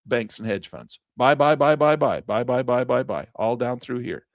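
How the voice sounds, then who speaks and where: Male trading instructor, folksy and emphatic, mid-pitched, dry close sound. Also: moderate pace, dry recording. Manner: emphatic, folksy, chanting repeated words. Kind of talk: casual chart walkthrough lesson.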